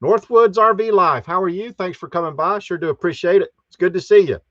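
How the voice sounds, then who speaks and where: A man's voice: high-pitched, fairly quick, a bit bright, no room sound, dull audio. A man hosting a live stream, greeting chat viewers one by one in a folksy way. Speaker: host.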